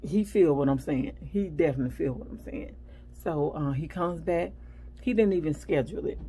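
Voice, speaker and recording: Low-voiced woman telling a story. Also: normal speed, a little hiss or hum, rough recording. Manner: chatty, animated, acts out the people in her story. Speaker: vlogger. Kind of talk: casual storytelling vlog.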